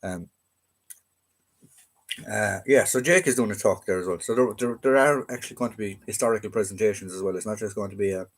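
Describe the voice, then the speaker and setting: A man with an Irish accent sits with a fairly low voice, hosting a relaxed live stream for viewers. He rambles along easily, dropping in ums and starting sentences over as he goes. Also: fairly quick. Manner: rambling, easygoing, many fillers and restarts. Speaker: livestream host.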